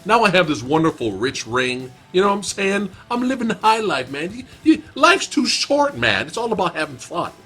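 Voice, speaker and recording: A man's voice: high-pitched, sing-song, fairly bright tone, husky, soft background music, full character voice. A man doing a smug, lazy slacker brother. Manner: slow, smug drawl.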